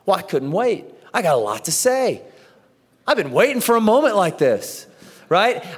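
A man in his thirties preaching a sermon, telling a story with lively acted-out dialogue. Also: high-pitched, moderate pace, husky. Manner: animated storytelling, acts out dialogue. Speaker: pastor. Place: church auditorium. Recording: echoey church hall.

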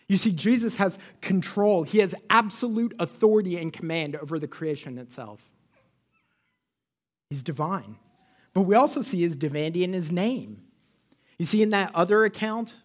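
High-voiced man preaching a lively sermon. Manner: animated, acts out quotes, asks the congregation questions. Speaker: pastor.

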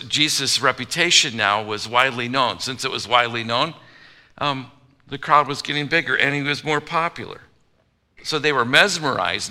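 Male pastor, casual humorous sermon delivery, very bright ringing tone. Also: medium pitch. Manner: conversational, humorous, acts out quoted voices. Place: church auditorium.

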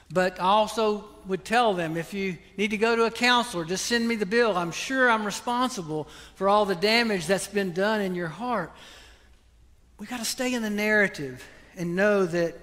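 An older man preaching a sermon as pastor, earnest and pleading, then praying softly. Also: high-pitched. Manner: earnest, pleading preaching that drops soft into prayer. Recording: long hall reverb.

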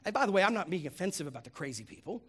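Male preacher with a high, expressive voice; comic and animated sermon delivery. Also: rapid-fire, slightly rough. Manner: animated, humorous, acts out voices. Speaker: pastor.

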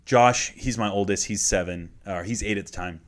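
A man in his thirties, a guest minister, sharing a personal story in an earnest, heartfelt way that often drops to a hushed tone. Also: fairly low pitch, normal speed. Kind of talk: conversational storytelling.

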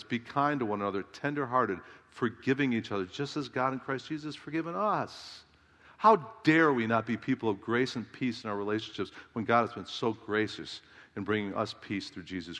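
A man's voice: medium pitch, fairly bright tone. A middle-aged man pastor preaching a sermon with emphatic delivery, firing rhetorical questions at his congregation. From Southern California. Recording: long reverb of a large hall.

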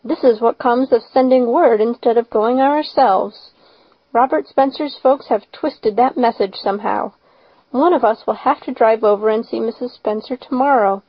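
Woman playing a strict older spinster, scolding, sharp, highish voice, dull lo-fi sound. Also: normal speed, slightly rough, no room sound. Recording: slightly dull lo-fi recording.

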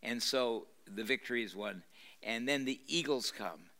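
Older man reading aloud with a bright tone. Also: mid-range voice, moderate pace. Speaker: pastor reading a novel aloud. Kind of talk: live lecture reading with commentary. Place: university lecture room.

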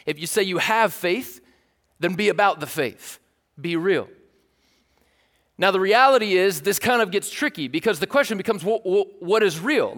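Man, 30s, pastor, casual joking sermon, repeats himself, higher voice, long hall reverb. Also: a bit bright. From East Tennessee. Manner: conversational, jokey, repeats himself.

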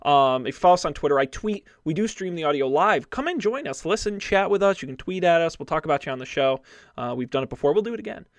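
Chatty upbeat podcast host, dry close sound. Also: male voice, on the high side, lively intonation, quick pace, no room sound. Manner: upbeat, chatty, many fillers and restarts. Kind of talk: casual podcast chat.

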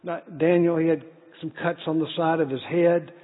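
A man's voice: fairly high pitch, fairly even intonation, normal speed. A middle-aged man preaching a sermon, telling a family story earnestly with small restarts. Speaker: pastor. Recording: tinny phone-like sound in a reverberant hall.

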